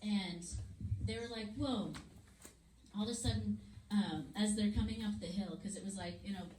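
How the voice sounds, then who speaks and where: A woman teaching a Bible story lesson to children in a church classroom, with an animated storytelling manner. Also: medium pitch, brisk. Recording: echoey room, far mic, noisy.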